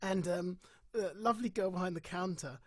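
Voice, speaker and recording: A woman, a bereaved parent, telling expressive stories on a video call, acting out voices and laughing at dark humour. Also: on the low side, moderate pace, no echo. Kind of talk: candid conversational storytelling.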